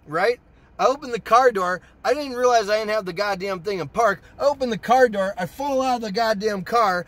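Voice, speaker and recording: A young man telling a personal story to his channel in a casual, profane, excitable way. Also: high-pitched, a little fast, no echo. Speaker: storytime vlogger.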